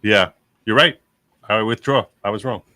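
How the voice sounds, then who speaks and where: Casting: male lawyer-streamer, low-pitched, dry close sound, excitable and repetitive. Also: no echo. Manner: excitable, repeats himself, quickly concedes points. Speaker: lawyer streamer reading chat. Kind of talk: live panel commentary.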